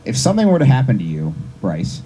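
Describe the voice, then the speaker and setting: A man's voice: medium pitch, huge pitch swings, fast, mellow, slightly rough, poor audio. A man hosting a casual podcast, dryly reading out questions for his guest. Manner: dry, reading out listener questions. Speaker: podcast host asking questions.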